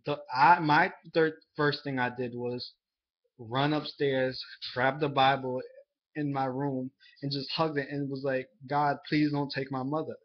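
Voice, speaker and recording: A young man telling a personal story to the camera in a halting, earnest way, full of fillers and restarts. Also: medium pitch, steady tone. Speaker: vlogger. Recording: dull lo-fi sound.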